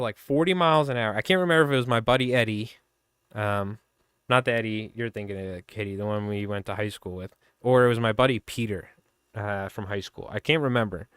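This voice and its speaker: On his fly tying livestream, a man with a Long Island, New York accent rambles through story after story in a casual chat, laughing a lot and telling them with animation. His medium-pitched voice is smooth and clear, and the desk mic at his streaming setup gives a close, dry sound.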